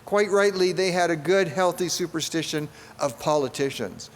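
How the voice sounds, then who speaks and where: A man's voice: a little high, normal speed, slight background noise. An older man giving a conference speech, folksy and joking with frequent fillers. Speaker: conference speaker. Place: conference hall. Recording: long hall reverb.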